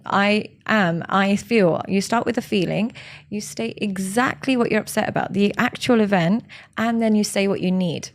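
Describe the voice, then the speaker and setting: A woman speaking as a relationship expert in an interview, explaining with examples and acted-out quotes, stressing points by repeating words. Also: mid-range voice. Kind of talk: advice interview.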